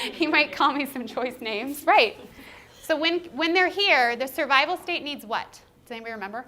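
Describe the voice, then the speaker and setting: Lively woman trainer giving a workshop. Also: sits high, normal speed, slight background noise. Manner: animated, laughs often, acts out quoted voices. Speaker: parenting and behavior trainer. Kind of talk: workshop presentation.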